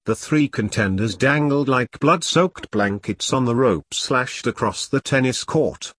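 A man narrates in a wry, earthy way, like a scripted storybook reading. His voice is husky and mid-pitched, and the recording is close and dry. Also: a little slow, hardly any pauses, a bit bright, dry recording. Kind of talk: scripted dark comic narration.

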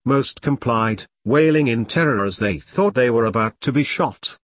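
This audiobook narration comes from a man whose voice sits at a middle pitch and whose pacing is even and measured. It is recorded close and dry, without any echo or room sound.

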